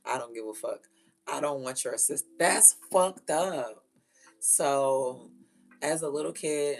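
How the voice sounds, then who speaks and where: A woman who is a mother, telling stories in a blunt, profane, animated way and laughing often. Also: a bass voice, gravelly. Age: adult with children. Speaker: vlogger. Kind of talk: casual storytelling rant.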